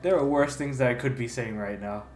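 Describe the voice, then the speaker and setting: A man's voice: mid-range voice, a little fast. A young man talks loosely to his stream chat, wandering between thoughts and full of fillers and restarts. His voice sits in a plain middle range and bounces around an echoey room, with faint music underneath. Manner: rambling, many fillers and restarts. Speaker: game streamer. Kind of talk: casual chat while livestreaming.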